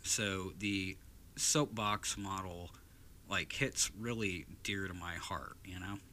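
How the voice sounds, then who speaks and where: A man's voice: deep voice, steady tone, slow pace, sharp tone, slight background noise. A man hosting a podcast, talking bluntly and casually, with some swearing. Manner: fervent, speechifying; blunt, profane. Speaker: podcast host. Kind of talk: casual chat then an impassioned speech.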